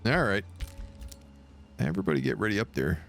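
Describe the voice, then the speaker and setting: Man, gravelly voice, lively pitch, casual gameplay chatter, playful sound effects, faint music underneath. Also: brisk. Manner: playful, talks to his units, silly sound effects. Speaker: streamer playing a strategy game. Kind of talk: casual live gameplay commentary.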